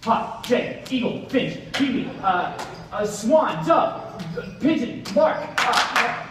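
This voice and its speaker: A young man on a school stage playing a chatty court jester who talks haltingly and guesses aloud, recorded in an echoey hall. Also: extremely high pitch, lively intonation, heavily acted. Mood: puzzled. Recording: echoey hall with audible noise, from far off.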